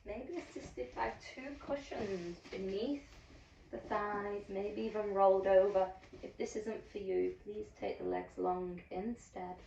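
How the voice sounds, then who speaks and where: A woman leads a yoga class in a low voice with a gravelly edge, her cues slow, soft and unhurried. She sounds well away from the microphone, her voice bouncing around a roomy space. The recording is dull and lo-fi, with a faint hiss under it. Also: distant mic. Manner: soothing, unhurried cueing with soft drawn-out words. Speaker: yoga teacher. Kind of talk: guided yoga class instruction.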